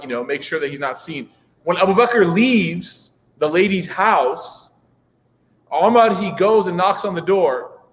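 A man's voice: a little high, a bit bright. A man in his thirties giving a humorous religious talk to an audience, chatty, with joking asides and many fillers. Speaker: preacher. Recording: reverberant hall.

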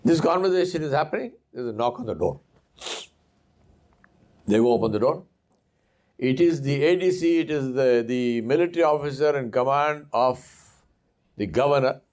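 Animated man telling a sermon story. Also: medium pitch, normal speed, long pauses. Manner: animated storyteller who acts out voices. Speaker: preacher.

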